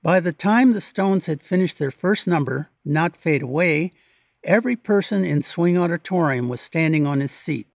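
A man giving scripted documentary narration in a measured, even, read-aloud delivery, recorded as a close voice-over. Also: a little high, creaky, no echo. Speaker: local history narrator.

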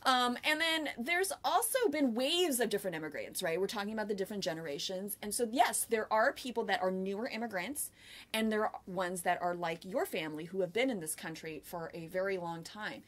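A woman's voice: medium pitch, fairly quick, a bit bright. An American woman co-hosting a podcast, talking earnestly in casual conversation and often asking "right?". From United States. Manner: earnest, talkative, explains with many "like" and "right?". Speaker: podcast co-host.

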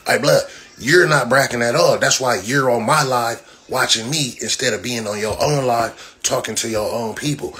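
A man's voice: medium pitch, a bit bright. Brash profane man ranting on a livestream. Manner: brash, profane, mocking trash talk. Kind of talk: livestream rant. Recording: noisy phone livestream audio.

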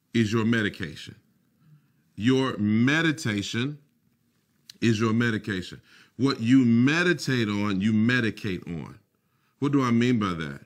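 A man preaching a sermon to his listeners. He stretches out key words with deliberate, emphatic weight and repeats his lines for effect, then slips into quick, quiet mutters. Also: lowish voice. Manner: preaching with slow emphatic phrasing and muttered asides. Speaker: pastor.

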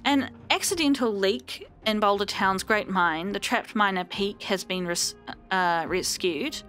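A woman's voice: medium pitch, unhurried, a bit bright, soft background music. New woman, let's play host, mock news-anchor reading, stumbles and self-corrects. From New Zealand. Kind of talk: reading game text aloud with commentary.

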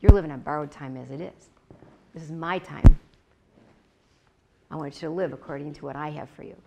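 A woman voicing God, low and gravelly. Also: brisk, noisy background. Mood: gently firm. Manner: calm, firm, corrective. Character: God speaking gently to the speaker.

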